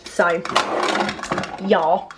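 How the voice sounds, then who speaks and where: A young woman, chatting excitedly through her makeup collection with lots of fillers and asides. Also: lowish voice, extremely slow, very noisy. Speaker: beauty vlogger. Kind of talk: casual makeup collection vlog.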